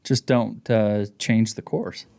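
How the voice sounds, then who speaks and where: A man co-hosting a casual running podcast, an animated storyteller who jokes with his partner. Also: lowish voice, slow, vocal fry. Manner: animated storyteller, does voices in anecdotes. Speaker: podcast co-host. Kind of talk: casual chat.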